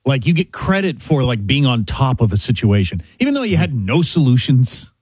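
A man's voice: mid-range voice, sing-song, normal speed, a little mellow, slightly rough, dry recording. A man co-hosting a talk radio show, joking and bantering about the news with his partner in the studio. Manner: wry, joking, talks over his partner. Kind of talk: casual banter.

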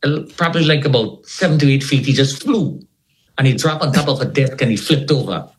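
A man's voice: mid-range voice, fairly quick, low-quality recording. A man telling a gripping personal story as an interview guest, retelling it dramatically and repeating words for effect. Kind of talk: animated spoken storytelling.

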